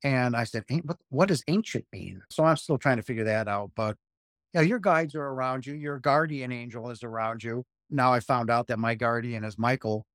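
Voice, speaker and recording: A man's voice: mid-range voice, moderate pace, fairly bright tone, dry recording, studio quality. A man in his fifties, a guest talking earnestly about spiritual experiences and repeating phrases for emphasis. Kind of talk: spiritual interview talk.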